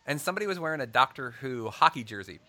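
A man's voice: medium pitch, lively intonation, rapid-fire, sharp tone, no room sound. A man hosting a casual podcast chat, telling stories animatedly and laughing often.

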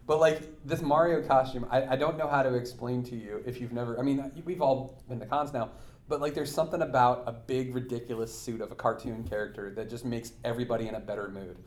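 A man co-hosts a relaxed chat and launches into animated anecdotes, laughing as he goes. His voice is mid-pitch and sounds roomy and echoey. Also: fast. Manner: animated storyteller, laughs often. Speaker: co-host. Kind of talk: casual chat. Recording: echoey room.

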